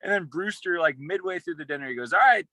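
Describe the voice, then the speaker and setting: A young man, a former college football player, telling a rambling, excited story in a casual interview, with many restarts. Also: on the high side, fast, no room sound, low-quality recording.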